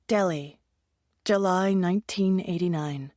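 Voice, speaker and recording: A woman narrating an audiobook thriller with steady, even storytelling. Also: lowish voice, a little slow, no echo, studio quality. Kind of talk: scripted narration.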